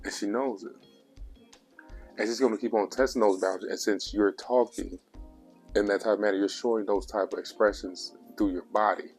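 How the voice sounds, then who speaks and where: A man's voice: lowish voice, fairly even intonation, fairly quick, a little mellow, soft background music. A man giving blunt relationship advice in a casual vlog monologue, preachy and repetitive, with coarse language.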